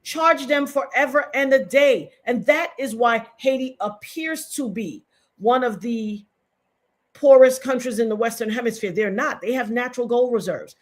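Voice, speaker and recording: A woman's voice: on the high side, moderate pace. A middle-aged woman giving impassioned, emphatic live-stream commentary to her chat, repeating points for stress.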